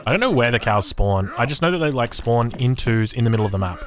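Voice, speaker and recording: A man's voice: medium pitch, expressive, fast, a crowd in the background. An Australian man streaming a strategy game, rambling casually and reading chat aloud. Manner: rambling, chatty, swears, reads chat aloud.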